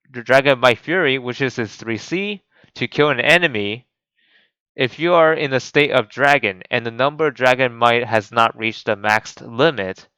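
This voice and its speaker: Male gaming host, casual rambling commentary, bright crisp voice, dry close mic. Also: mid-range voice, no echo, low-quality recording. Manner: rambling, many restarts and fillers. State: voice cracking.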